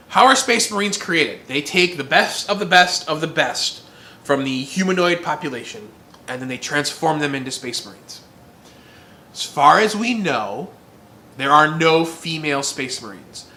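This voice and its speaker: A rambling male host muses aloud about fantasy armies in a casual, goofy way. His voice sits a bit high and sounds bright and forceful. He trips over his own words as the thoughts pile up. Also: a little hiss or hum. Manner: goofy, rambling, self-interrupting. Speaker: channel host. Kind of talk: casual musing monologue.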